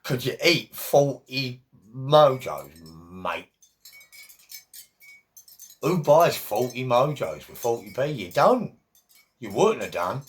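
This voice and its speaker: A man's voice: medium pitch, big pitch swings, slow, long pauses. Jokey, rambling man. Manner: chatty, jokey, wandering asides. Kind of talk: rambling casual monologue.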